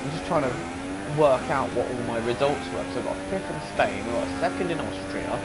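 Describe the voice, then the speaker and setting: A man's voice: medium pitch, lively intonation, fairly quick, heavy background noise. A man hosting his own gaming video, with casual commentary full of crude jokes and banter. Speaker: gaming channel host.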